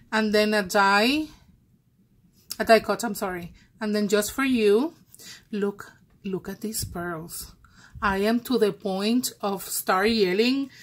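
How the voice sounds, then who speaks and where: A woman vlogger unboxing craft mail, gushing and effusive, with halting speech and many restarts. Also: medium pitch, rough recording. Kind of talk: casual happy-mail unboxing.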